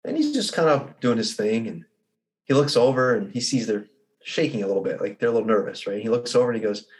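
A man of middle pitch speaks as a guest on a podcast. He tells stories with energy, acting out each person's lines as he goes. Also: fast. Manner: animated storyteller who acts out the people in his anecdotes. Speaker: results coach, podcast guest. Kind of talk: conversational interview.

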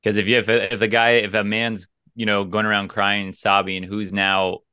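A man co-hosting a podcast, speaking in a measured way and steering the conversation toward its end. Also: lowish voice, little pitch movement, sharp tone, clean tone, no echo, studio quality. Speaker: podcast co-host. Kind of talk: casual interview chat.

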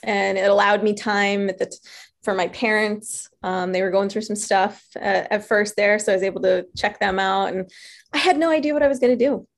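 A woman's voice: mid-range voice, brisk, gravelly. A woman from New York telling her story casually, acting out voices and laughing often. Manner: animated, acts out her own and others' voices in quotes; laughs often while talking.

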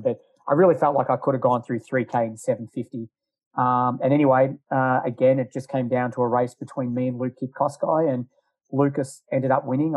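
A man's voice: medium pitch, dry recording, phone-quality sound. Rambling middle-aged man. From Australia. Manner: rambling, lots of fillers and asides. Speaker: former distance runner. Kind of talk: casual storytelling.

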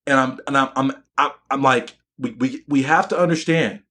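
A man's voice: mid-range voice, normal speed, few pauses, a bit bright. Emphatic man giving a preachy live talk. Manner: emphatic, preachy, repeats phrases. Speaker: educator and physician. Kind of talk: live-streamed motivational talk.

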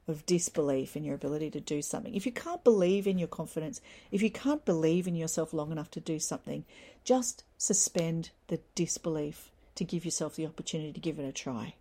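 Woman host, solo motivational talk, husky gravel, warm dark timbre. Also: on the low side. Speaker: podcast host.

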